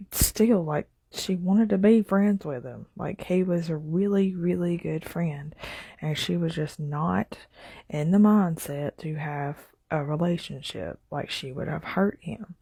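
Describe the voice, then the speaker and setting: A woman's voice: low voice, gravelly, dark tone, slightly rough, no echo. A woman telling a story in a loose, rambling way, full of "like" and "you know" and laughing as she goes. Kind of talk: casual spoken storytelling.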